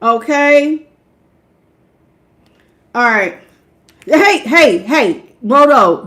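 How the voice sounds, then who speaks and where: A woman's voice: on the high side, lively intonation, slow, pauses often, pushed and bright. A woman doing a casual live-stream tarot reading, chatty, greeting viewers by name and laughing often. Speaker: tarot reader.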